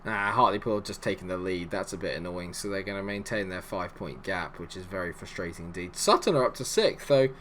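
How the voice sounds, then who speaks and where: A man, a gaming YouTuber, commentating live on his own match in a jokey, excitable way and breaking into shouts when his side scores. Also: low voice, fast, few pauses, slight background noise.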